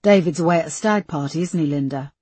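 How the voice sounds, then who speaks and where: Lady doing a coaxing male detective, pushy but soft, low husky voice. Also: fast talker, no echo. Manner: coaxing, pressing. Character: calm, persistent male police detective.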